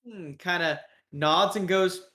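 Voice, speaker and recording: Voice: mid-range voice, slow pace, a bit bright, roomy sound. A game master narrating a tabletop game in a loose, filler-heavy, laid-back way.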